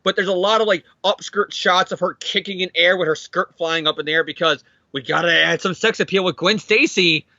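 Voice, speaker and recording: A man's voice: high-pitched, steady tone, fairly quick, hardly any pauses, sharp tone, no room sound. A man co-hosting a casual comic book podcast, talking animatedly, swearing freely and mocking the characters in silly voices. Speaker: podcast co-host. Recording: dull lo-fi dry sound.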